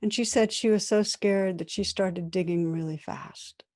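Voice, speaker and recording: A woman meditation teacher giving a dharma talk, telling a story in a calm, measured, gentle way. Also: mid-range voice.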